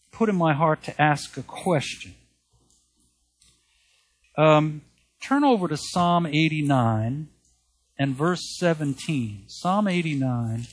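Slow, husky-voiced male preacher. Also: a little high. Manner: slow, earnest preaching with repeated emphasis and Bible readings. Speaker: pastor. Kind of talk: sermon.

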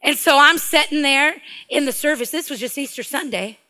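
A middle-aged woman, preaching a sermon and telling a personal story in an animated way, laughing often and swinging from hushed to loud. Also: high-pitched, moderate pace. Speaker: guest preacher.

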